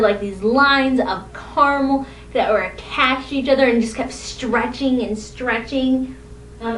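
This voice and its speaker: Young woman, vlogger, high voice, rambling self-deprecating storytelling, roomy echo, distant mic, faint rumble. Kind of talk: casual storytelling vlog.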